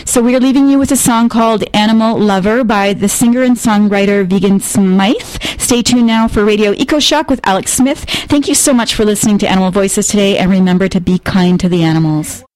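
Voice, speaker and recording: A woman hosting a radio show, reading scripted announcements in an even, friendly tone. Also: medium pitch, brisk, few pauses, no room sound, poor audio. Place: radio studio. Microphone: studio microphone.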